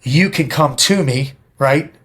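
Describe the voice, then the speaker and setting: A middle-aged man speaks as a podcast guest, blunt and emphatic, with plenty of swearing. He tells stories in a direct, forceful way. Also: a little high, slow pace, slightly rough. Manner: blunt, profane, emphatic storytelling. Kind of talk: casual interview talk.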